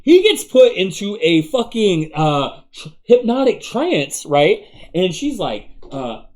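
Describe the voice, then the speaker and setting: A man's voice: high-pitched, very animated, takes it slowly. A man co-hosting a podcast in casual, profane banter, joking and rambling, now and then putting on silly impressions. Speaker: podcast co-host.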